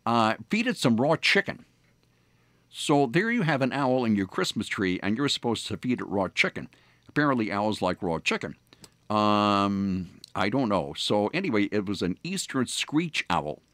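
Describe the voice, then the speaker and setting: A man's voice: lowish voice, very animated, normal speed, a bit bright, no room sound. A man hosting a morning radio show, telling stories in a rambling way with many fillers and restarts. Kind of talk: casual on-air storytelling. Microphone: studio microphone.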